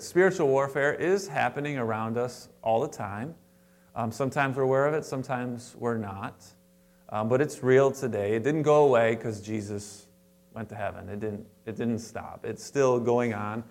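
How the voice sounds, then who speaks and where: Male pastor, mid-pitched, conversational sermon with emphatic bursts and asides. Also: normal speed. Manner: conversational preaching with frequent restarts and asides; animated, stressing words with sudden louder higher bursts. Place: church sanctuary before a congregation.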